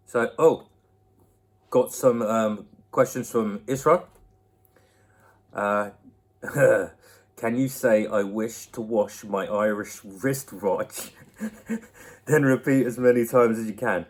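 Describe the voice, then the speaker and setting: A lowish male voice moves at a slow pace with frequent pauses. The young host answers his viewers' questions from home through a laptop mic, in a playful, laughing mood, chatting to a baby.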